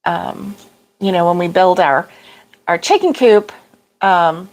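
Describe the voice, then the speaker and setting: A woman's voice: lowish voice, takes it slowly, darkish tone. A middle-aged woman hosting a casual livestream, rambling through a story with fillers and laughs, fighting off allergy sneezes. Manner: rambling, chatty, laughs often, greets viewers by name. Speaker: crochet livestream host. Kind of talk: casual chat.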